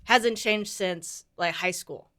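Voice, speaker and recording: A young woman co-hosting a podcast in casual chat. Her voice is bright and crisp, smooth and clear. She talks easily, laughs often and swears in passing. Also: lowish voice, takes it slowly. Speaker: podcast co-host.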